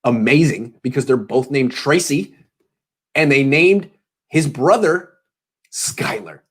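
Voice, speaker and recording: Casting: tired, joking male sports host with a husky voice, medium pitch. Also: slow pace. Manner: joking, self-deprecating, meandering. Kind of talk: casual rambling pregame sports talk.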